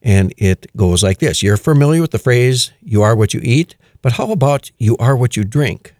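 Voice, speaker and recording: A man hosting a radio music show, chatting casually with many fillers and reading news items aloud with quiet amusement. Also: medium pitch, normal speed, no echo, clean studio sound. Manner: relaxed and chatty, with frequent "uh" fillers and chuckles.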